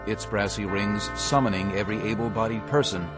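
A man giving a steady, measured scripted audiobook narration. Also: fairly low pitch, loud music behind the voice.

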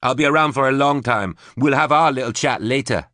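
A man's voice: mid-range voice, brisk, no echo, studio quality, pitched above the performer's own voice, close to an everyday voice. Man putting on a tough swearing young woman. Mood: grim. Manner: defiant, cursing, forceful. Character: tough foul-mouthed young woman fighter. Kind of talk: audiobook character voice.

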